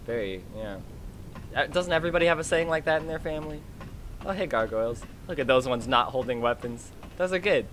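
A man giving excitable, chatty commentary while streaming a game. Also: medium pitch, a little hiss or hum. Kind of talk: casual gameplay commentary.

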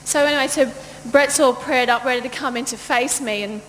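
A woman pastor telling a lively personal story in a sermon, laughing often and acting out the voices of the people in it. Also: sits high, brisk. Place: church auditorium. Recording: long church-hall reverb, faint noise.

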